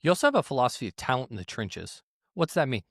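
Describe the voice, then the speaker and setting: A man's voice: mid-range voice, very animated, quick pace, fairly bright tone, no echo, studio quality. A man hosting a podcast interview, affirming his guest with short replies before asking his questions. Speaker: podcast host. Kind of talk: conversational interview.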